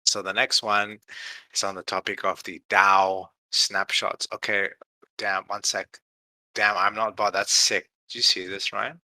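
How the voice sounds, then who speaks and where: A man's voice: lowish voice, little pitch movement, measured pace, bright, forceful tone, dry recording, poor audio. A tired man hosting a casual community call, rambling with many fillers and tags like "right?". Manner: rambling, heavy fillers, tired late-night tone. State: tired, yawning. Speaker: community host. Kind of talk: casual livestream chat.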